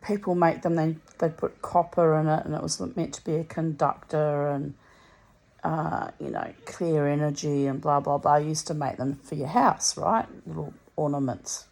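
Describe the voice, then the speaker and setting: A lowish-voiced woman talks from her bed in a loose, rambling monologue. She sounds tired and under the weather, but she keeps chatting and drifting into asides. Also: fairly even intonation, normal speed, gravelly, darkish tone. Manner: chatty, storytelling, many asides. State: tired and unwell. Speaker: vlogger. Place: lying in bed at home.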